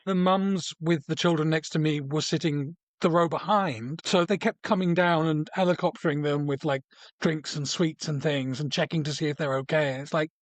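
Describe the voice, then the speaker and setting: A man's voice: a little high, steady tone, normal speed, no echo. A man co-hosting a pop culture podcast, chatting casually with dry, mock-stern jokes. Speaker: podcast co-host.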